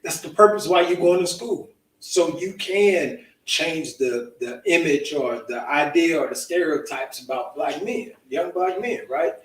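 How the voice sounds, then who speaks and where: Higher-voiced male moderator, distant and echoey. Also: animated, a little slow, hardly any pauses. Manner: guiding, asking questions. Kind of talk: moderating a discussion.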